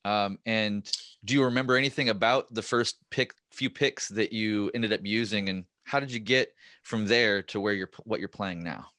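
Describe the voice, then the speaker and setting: A man's voice: on the low side, moderate pace, sharp tone, no echo, studio quality. A man hosting a podcast, chatting and telling stories animatedly with plenty of fillers. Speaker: podcast host. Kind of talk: casual podcast interview.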